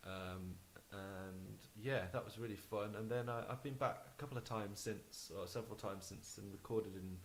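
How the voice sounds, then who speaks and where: A man's voice: on the low side, fairly even intonation, moderate pace, hardly any pauses, slight background noise, rough recording. A man speaking as an interview guest, chatty and easygoing, with frequent restarts. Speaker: guest musician. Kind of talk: casual interview chat.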